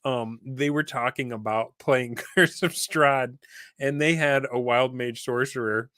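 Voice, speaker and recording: A man hosting a live stream chat about tabletop gaming, enthusiastic and quick to laugh. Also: medium pitch, fairly even intonation, sharp tone, dry recording, studio quality. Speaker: host. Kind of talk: casual chat.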